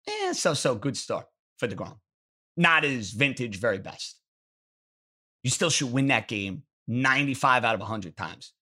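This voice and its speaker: A man's voice: mid-range voice, bright, forceful tone. A man hosting a sports call-in show, answering callers with blunt, emphatic opinions. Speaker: sports talk show host.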